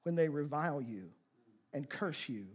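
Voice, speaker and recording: High-voiced man preaching a sermon. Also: moderate pace, husky. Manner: expressive preaching, swings from emphatic to soft, rhetorical questions. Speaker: pastor.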